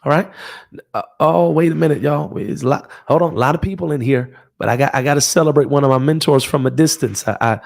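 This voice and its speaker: A man's voice: a little high, fast, vocal fry. A man preaching from his home office on a livestream, fervent and emphatic, repeating phrases and calling out to his listeners. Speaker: pastor.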